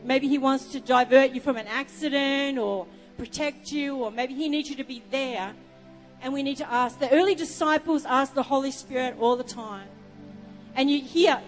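An Australian woman preaching a sermon, telling stories with rambling asides. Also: high-pitched. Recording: long reverb with music behind.

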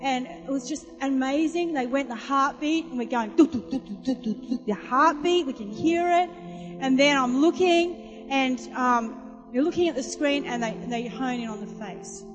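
Woman preacher with a high voice, an animated storyteller, recorded live in a church hall with reverb and music underneath. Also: moderate pace. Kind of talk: sermon with storytelling.

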